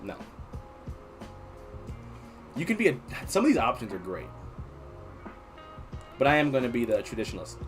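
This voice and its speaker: A man streaming casually, reading an interactive story aloud and chatting to his viewers in an animated way. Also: mid-range voice, normal speed, long pauses, soft background music. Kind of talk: casual livestream read-aloud.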